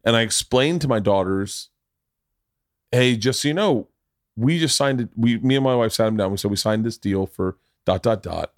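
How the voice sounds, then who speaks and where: A man's voice: on the low side, moderate pace, dry recording, studio quality. A middle-aged man hosting a podcast, telling stories casually, acting out the voices in them and swearing freely. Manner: animated, acts out quotes, profane. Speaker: podcast host. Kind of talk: casual conversational storytelling.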